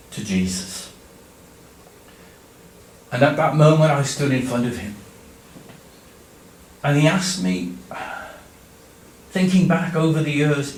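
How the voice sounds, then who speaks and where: A man telling a Bible story in the first person in a church, dramatic, swinging from loud cries to hushed tones. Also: on the high side. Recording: echoey church room, distant mic.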